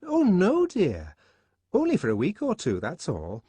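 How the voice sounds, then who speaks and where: Guy doing a high shrill gossipy gal, nagging and mocking, kinda husky. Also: huge pitch swings, measured pace, dark tone, no echo, exaggerated voice. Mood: scolding. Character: gossipy scolding young woman friend.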